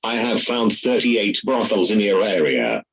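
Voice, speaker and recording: Guy doing a low deadpan phone assistant, cheeky, bouncy intonation. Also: measured pace, rough recording.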